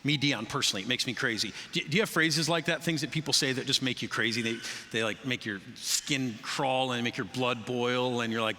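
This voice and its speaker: Lively male pastor in a reverberant hall. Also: medium pitch, a little fast. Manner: conversational, lively preaching with asides to the congregation. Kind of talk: sermon. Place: church sanctuary.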